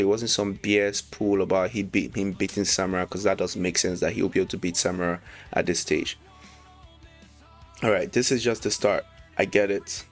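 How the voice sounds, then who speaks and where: A man casually reviewing a manga chapter, reading lines aloud, excited and slangy, laughing often. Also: fairly low pitch. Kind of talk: casual read-along commentary.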